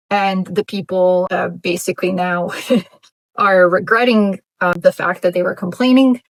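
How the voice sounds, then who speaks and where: A woman's voice: fairly low pitch, steady tone, moderate pace, no room sound, poor audio. A woman vlogger reflecting on her Bible reading in casual commentary, thinking aloud with fillers and restarts. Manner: thoughtful, musing, frequent fillers and restarts.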